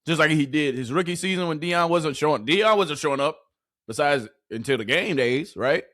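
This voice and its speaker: A man's voice: fairly high pitch, expressive, normal speed, fairly bright tone, no room sound, clean studio sound. A man giving casual sports reaction commentary, heated and mocking, with plenty of profanity.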